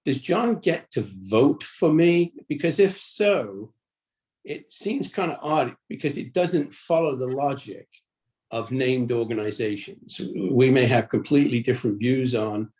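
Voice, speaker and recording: A man's voice: medium pitch, unhurried, a little mellow. A man who is an at-large workgroup member, asking a follow-up question in a hesitant way on a video call. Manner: hesitant, searching for words.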